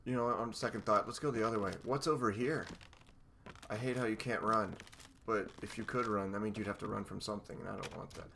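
A man's voice: lowish voice, fairly even intonation, brisk, vocal fry, bright, forceful tone, a little hiss or hum. A man giving sarcastic commentary while playing a horror game, talking to the objects around him. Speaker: let's play gamer.

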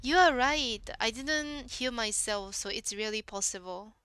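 There's a little hiss or hum as she speaks at a measured pace in a slightly high, bright, forceful voice. Streaming a game with a Japanese accent, she reacts to her chat in simple English and calls out what happens on screen in casual commentary.

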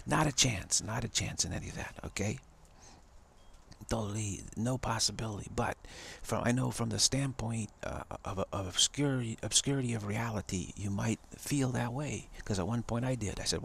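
A man's voice: on the low side, normal speed, vocal fry, a bit bright, breathy edge. A man giving an emphatic spiritual talk on a live stream. He repeats phrases for emphasis and chuckles often.

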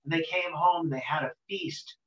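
A male storyteller telling an old folk tale in an unhurried, rhythmic way, with a voice slightly higher than most men's. The recording sounds roomy and a bit muffled, with a lo-fi quality. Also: steady tone, fairly bright tone.

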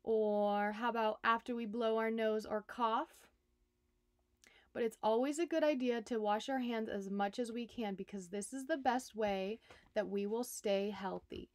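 A woman, a nurse, reading a children's picture book aloud, expressive and speaking directly to young listeners. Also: on the high side, unhurried, no room sound. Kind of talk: storybook read-aloud for children.

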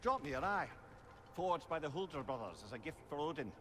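Mimir, a knowing old talking head. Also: male voice, on the high side, very animated, brisk, a bit bright, big-room sound, a little hiss or hum. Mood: explaining. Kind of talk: video game dialogue.

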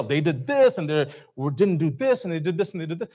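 A man's voice: fairly high pitch, very animated, quick pace, mellow. A man giving an informal religious talk to a live audience, conversational, asking the crowd questions and acting out reactions. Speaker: speaker at a community talk. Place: event hall.

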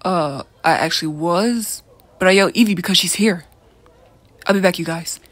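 Woman doing a chill teen boy, casual, kinda husky. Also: on the low side, normal speed, fairly bright tone, no room sound. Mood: surprised. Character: easygoing teenage boy, the love interest. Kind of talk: audio role-play.

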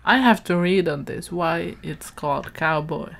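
A woman's voice: on the low side, measured pace, gravelly. A woman casually commenting on her own gameplay, chatting and giggling to herself. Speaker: let's play gamer.

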